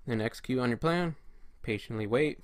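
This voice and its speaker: A man's voice: mid-range voice, a little fast, dry recording, clean studio sound. A man talking casually as a trading coach, often acting out inner voices and quoted friends. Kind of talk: casual solo talk to camera.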